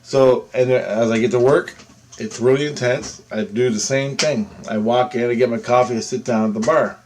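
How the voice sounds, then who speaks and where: A man's voice: normal speed, background noise. Rambling man telling a story. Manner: animated, quotes others with big pitch jumps, rambling with restarts. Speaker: storyteller recounting a personal experience. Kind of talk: casual storytelling monologue.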